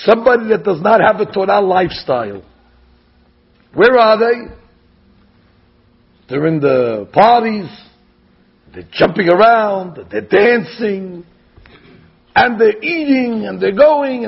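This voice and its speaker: A man giving an animated sermon as a rabbi, telling stories and acting out the quotes. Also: sits high, creaky, husky, muffled recording. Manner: animated storytelling, acts out quotes.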